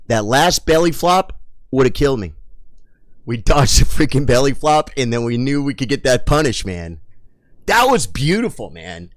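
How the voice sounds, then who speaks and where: A man live-streaming a video game, chatting excitedly with his viewers in a casual, mildly swearing way. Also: mid-range voice, moderate pace, no echo. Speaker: gaming streamer.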